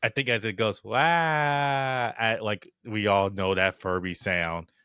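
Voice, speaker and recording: Male tabletop player, slow and low, dry recording. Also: sharp tone, clear, resonant tone, no room sound. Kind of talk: tabletop game play.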